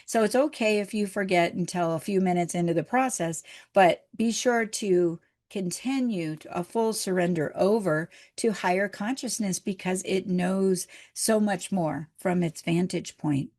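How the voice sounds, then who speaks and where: A middle-aged woman minister giving a gentle, encouraging, conversational sermon. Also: fairly low pitch, unhurried, hardly any pauses.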